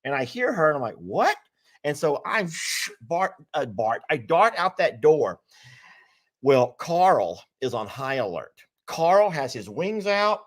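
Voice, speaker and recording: Animated man hosting a live stream. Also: fairly high pitch, unhurried. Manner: animated, teasing, laughs often. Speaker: livestream host. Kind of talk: casual live-stream chat.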